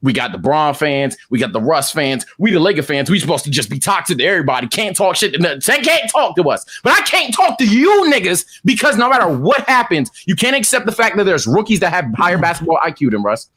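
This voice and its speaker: A man's voice: on the high side, big pitch swings, fast talker, few pauses, a bit bright, husky. A man co-hosting a casual podcast, ranting in an exasperated, profane way with lots of repeated words. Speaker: podcast co-host.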